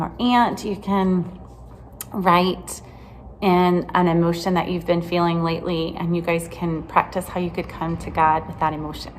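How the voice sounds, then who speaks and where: A woman with a somewhat low voice teaches a children's Bible lesson. She is gentle and chatty and keeps asking the kids questions. A faint noise sits under the recording. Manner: gentle, chatty, asks questions with many "right?"s.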